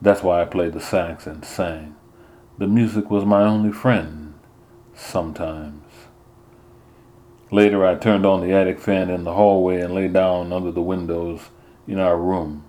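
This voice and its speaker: A man narrating a first-person story in a measured storytelling manner. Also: deep voice, fairly even intonation, warm tone. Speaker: audiobook narrator.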